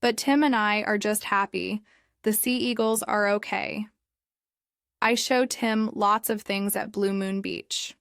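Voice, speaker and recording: Woman reading a simple english story super slow, clear, dead dry close mic. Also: medium pitch, no echo. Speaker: story narrator. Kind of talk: graded reader story narration.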